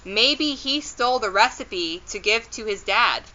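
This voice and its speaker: A determined young girl detective from a children's storybook, read by a woman. The delivery is slow and earnest, the voice bright. There is a slightly dull, lo-fi quality to the recording. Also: on the high side, lively intonation.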